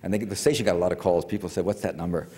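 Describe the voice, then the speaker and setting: A man's voice: sits low, steady tone, racing, mellow. An older man giving a public lecture, telling a story in a rambling, digressive way with many fillers and restarts. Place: large lecture hall. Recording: reverberant hall.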